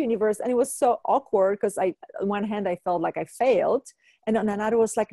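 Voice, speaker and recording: A woman's voice: medium pitch, fast, dark tone, no echo. A woman co-hosting a casual chat, telling stories animatedly, acting out quotes and laughing often. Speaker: co-host.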